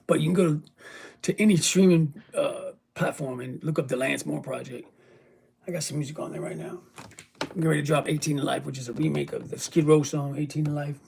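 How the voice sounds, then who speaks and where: A man's voice: a little high, steady tone, a little fast, darkish tone, slight background noise. A worn-out, ill man talking casually and emotionally to his viewers, rambling and swearing freely. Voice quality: gravelly. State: weary and ill. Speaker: vlogger. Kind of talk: casual vlog talk to viewers.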